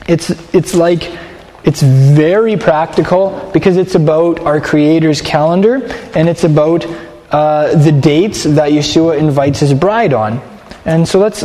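Man, sermon teacher, chatty and halting; higher-pitched, mellow tone, long hall reverb. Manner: conversational, halting with repeated restarts.

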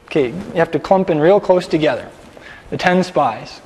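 High-voiced man teaching a Bible class in a hall. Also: moderate pace, slight background noise. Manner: lively, directs the group, explains scripture casually. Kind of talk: sermon with a class skit.

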